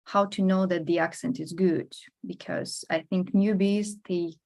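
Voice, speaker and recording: Creaky-voiced woman hosting an interview. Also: lowish voice, steady tone, measured pace, darkish tone. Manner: attentive, frequent murmured agreement. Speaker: host. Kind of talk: casual interview.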